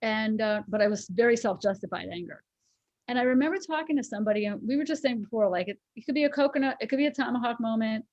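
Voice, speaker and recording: A woman's voice: fairly high pitch, lively intonation, fast, a little mellow, dry recording, muffled recording. A woman in her forties, co-hosting a casual chat and telling a personal story in a candid, emotional way. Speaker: co-host.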